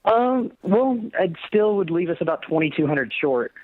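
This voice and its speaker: A man's voice: sits high, big pitch swings, normal speed, no echo. A man calling in to a radio advice show, answering hesitantly with many ums. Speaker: caller. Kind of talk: phone-in conversation. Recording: tinny phone line.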